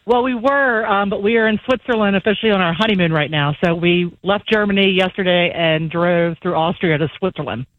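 A woman's voice: on the low side, fairly quick, hardly any pauses, dry recording, phone-quality sound. A bubbly, chatty woman in her forties calling in to a radio show, a bit tipsy and laughing as she tells stories. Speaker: caller. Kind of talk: phone call into a radio show.

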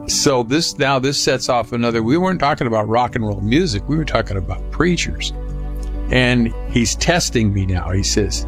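An older man telling a personal story casually, rambling with restarts and lively retelling. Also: medium pitch, normal speed, soft background music. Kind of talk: personal anecdote.

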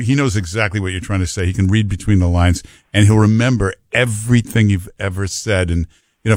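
A man's voice: lowish voice, no room sound, studio quality. A man hosting a call-in radio show, talking emphatically and teasing callers and his co-host. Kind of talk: call-in talk radio chat. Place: radio studio.

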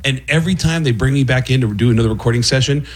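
A man, a comedian known for voices, chatting as a guest and telling animated stories about his work. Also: medium pitch, very fast, husky. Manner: animated storyteller who slips into impressions. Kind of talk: casual radio interview chat.

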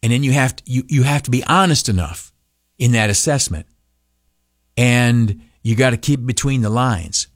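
A male radio broadcaster giving an animated motivational talk, often stopping on filler uhs and breaking into mocking high voices. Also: normal speed, dry recording, studio quality.

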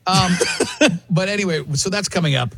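A man's voice: high-pitched, normal speed, a bit bright, breathy edge, dry recording. A man hosting a casual radio show, joking with his co-hosts, laughing easily and steering the segments. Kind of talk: casual morning radio banter.

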